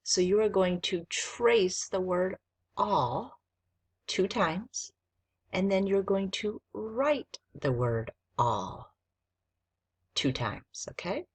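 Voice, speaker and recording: A woman teacher giving a recorded spelling lesson to young students, dictating slowly and sounding out letters one at a time. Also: mid-range voice, lively intonation, breathy edge.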